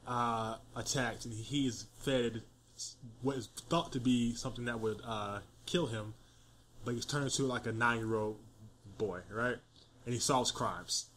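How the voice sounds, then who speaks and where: A man's voice: mid-range voice, steady tone, measured pace, fairly bright tone, a little hiss or hum. A man co-hosting a podcast from home on a desk mic, joking around playfully in casual chat. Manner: goofy, playful. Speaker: podcast co-host. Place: home room.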